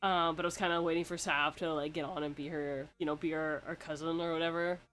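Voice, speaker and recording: A woman's voice: sits low, fairly even intonation, fast talker, fairly bright tone, faint music behind. A young woman hosting a casual podcast chat, rambling with lots of fillers and swearing freely. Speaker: podcast host.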